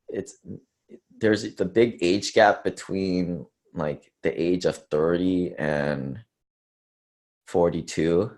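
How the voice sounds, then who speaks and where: A man speaking casually at an investor conference, rambling with fillers and self-deprecating asides. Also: sits low. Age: under 30s to early 40s. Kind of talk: casual presentation talk.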